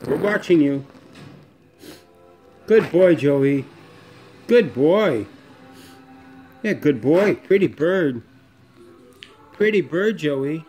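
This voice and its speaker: A man calls sweetly to his pet parakeet in high, sing-song baby talk. His already fairly high voice climbs even higher as he coaxes the bird. Faint music plays softly underneath. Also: extremely slow, long pauses.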